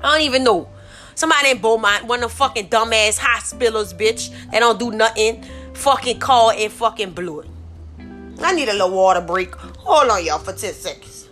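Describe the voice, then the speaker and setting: Bright-voiced, profane Southern woman podcaster. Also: fairly high pitch, normal speed, soft background music. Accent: Southern US, New Orleans. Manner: profane, irritated, rambling, repeats "like I said". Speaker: podcast host. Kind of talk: solo podcast rant. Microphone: phone.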